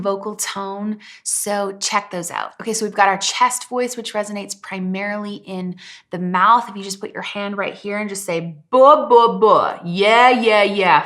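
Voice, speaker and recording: A young woman giving a singing lesson in a clear, encouraging way. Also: mid-range voice, a bit bright. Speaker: vocal coach. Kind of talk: singing lesson with sung demonstrations.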